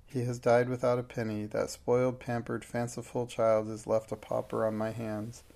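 A man's voice: mid-range voice, monotone, normal speed, creaky, mellow, natural voice. A man reading the part of a furious, haughty middle-aged schoolmistress in a fierce, bitter manner.

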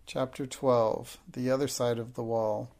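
A man reading a classic children's novel aloud as an audiobook, in steady, measured storytelling. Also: medium pitch. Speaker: audiobook narrator.

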